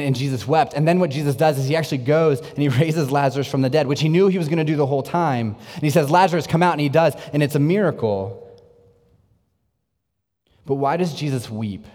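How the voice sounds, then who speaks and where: A man preaching a sermon in an earnest way, moving between lively bursts and hushed, intense passages. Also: medium pitch. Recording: long reverb, echoey hall.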